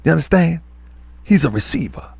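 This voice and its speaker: A man's voice: on the high side, sing-song, moderate pace, gravelly, darkish tone, slightly rough, dry recording. A man, a religious teacher and show host, delivering a heated, confrontational online rant full of scolding repetition.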